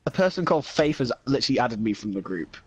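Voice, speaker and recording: Excitable young man gaming, lively voice. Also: mid-range voice, fast, lo-fi sound, a little hiss or hum. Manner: excitable, laughs a lot, yelps for help mid-fight. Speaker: gamer streaming with friends. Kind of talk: casual party chat while gaming.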